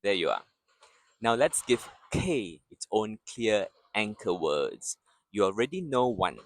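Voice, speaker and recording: A man teaching pronunciation patiently, speaking slowly and drilling repeated syllables. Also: fairly low pitch, very animated, no room sound. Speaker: Mandarin teacher. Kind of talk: slow pronunciation lesson.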